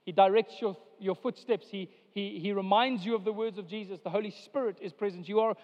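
A male pastor delivering a sermon to his church, preaching with emphatic rises and slow, drawn-out lines. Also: high voice, steady tone. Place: church sanctuary. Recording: dull sound with long hall reverb.

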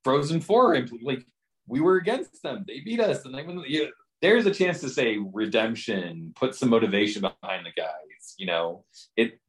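A man's voice: medium pitch, lively intonation, normal speed. A man co-hosting a podcast, chatting casually about his team's schedule with many fillers and restarts. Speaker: podcast co-host. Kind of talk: casual sports chat.

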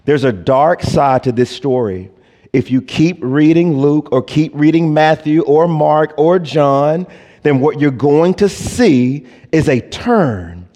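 A male pastor delivers a sermon in a slightly high voice, drawing out his words slowly and deliberately before building to emphatic peaks. His voice rings with the long reverb of a church sanctuary. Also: animated, dark tone. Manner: slow, deliberate preaching that swells to emphatic peaks.

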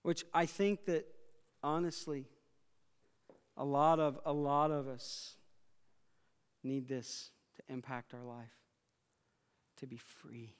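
A man preaching a sermon, swinging from quiet remarks to loud, emphatic passages. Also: mid-range voice, fairly even intonation, takes it slowly, pauses often, clear, resonant tone. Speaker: pastor. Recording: long reverb of a large hall.

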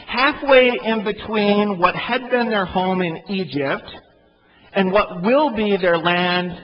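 A man preaching a sermon in an animated way, swinging between loud emphatic peaks and quiet asides. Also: high-pitched, muffled recording. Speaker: pastor.

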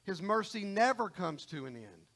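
A man's voice: high-pitched, very animated, normal speed, fairly bright tone. A middle-aged man preaching a sermon in a folksy, conversational way, often repeating and restarting phrases.

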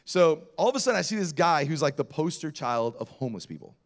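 High, lively-voiced pastor preaching. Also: male voice, fast. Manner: animated, storytelling, self-deprecating humor. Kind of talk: sermon with personal stories.

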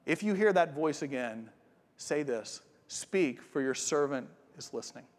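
A man's voice: fairly high pitch, animated, unhurried, voice pushed down. A man voicing an exasperated old male chief priest, scolding and insistent. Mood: hushed. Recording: long hall reverb.

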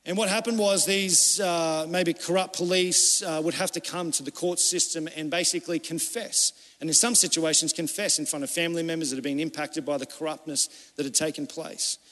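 Male pastor, high-pitched voice, passionate sermon, long hall reverb. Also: fairly even intonation, fairly quick, hardly any pauses. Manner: impassioned preaching, swinging from urgent cries to hushed pleading.

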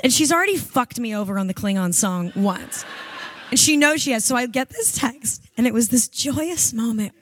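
A woman on stage at a live event tells a comic story in an animated, profane way. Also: sits high, a little hiss or hum. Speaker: comedy writer and actress, guest.

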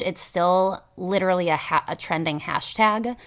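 A woman with a low voice talking on a podcast, laying out her argument calmly and piece by piece. She speaks in a relaxed, conversational way, answering her co-host. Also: normal speed. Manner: reasoned, persuasive, builds points step by step. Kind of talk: casual chat.

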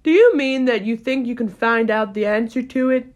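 A woman's voice: a little high, moderate pace, lightly acted. A woman voicing a contrary, pedantic male hare in a storybook reading.

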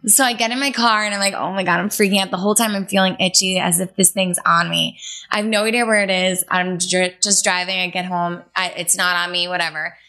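A young woman co-hosting a casual podcast, her voice bright and clear. She tells her stories with animated energy and jumps into the voices of her past panicked self. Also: fairly low pitch, brisk. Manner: animated storyteller, acts out her own panic. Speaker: podcast co-host. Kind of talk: casual chat.

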